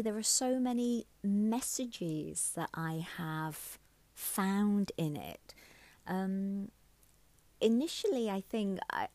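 A woman tells a folk tale aloud, expressive and unhurried, then turns reflective about what it means to her. Her voice sits slightly low and sounds dry and close. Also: no echo. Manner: expressive, reflective, uses fillers. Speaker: storyteller. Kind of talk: oral folk-tale storytelling.

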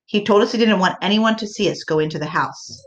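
A woman narrating an audiobook in a measured, earnest way. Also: mid-range voice, lo-fi sound.

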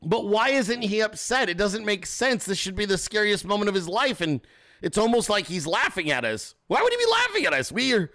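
A shrill, panicked man whines in disbelief, his voice pitched up and pushed loud, as a male host mocks him. The tone is bright and tense, an exaggerated whiny caricature. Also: very animated, fairly quick, exaggerated voice. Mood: panicked whining. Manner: mocking, incredulous whining.

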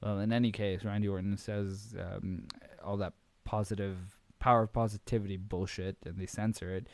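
A male podcast host giving a casual, rambling wrestling recap full of swearing, fillers and quick impressions. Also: fairly low pitch, level tone.

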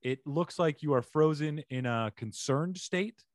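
A man's voice: fairly high pitch, a little slow, no echo, studio quality. A man hosting a comedy podcast over a remote call, joking and ad-libbing playfully in casual chat. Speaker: podcast host.

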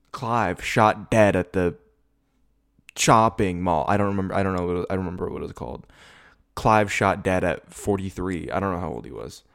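A man in his twenties hosting a casual rewatch video, rambling, swearing and laughing often as he talks. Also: low-pitched. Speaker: video podcast host. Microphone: camera setup.

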